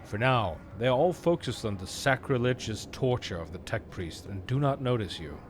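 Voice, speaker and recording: A man's voice: medium pitch, slight background noise. A man streaming a game with friends, chatting casually and reading story text aloud. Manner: lively, reads narration slowly and deliberately.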